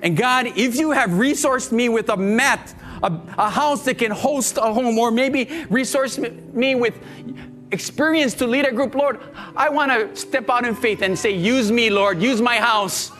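High-voiced pastor praying earnestly. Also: male voice, normal speed, fairly bright tone. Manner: earnest and pleading, repeats phrases. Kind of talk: sermon and altar-call prayer.

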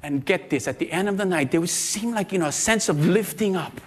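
A middle-aged man, preaching a sermon as a pastor and telling stories with animated, acted-out voices. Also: sits high, brisk. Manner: animated storytelling, acting out quoted voices.

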